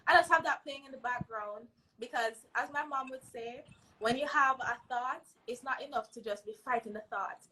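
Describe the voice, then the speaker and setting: A woman speaks as an interview guest, earnest and emphatic as she lays out her advice. Her voice sits a little high and rings bright and forceful, with a faint hiss of noise behind her. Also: moderate pace, poor audio. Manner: earnest, emphatic, tags lines with "right?". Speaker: mental health advocate guest.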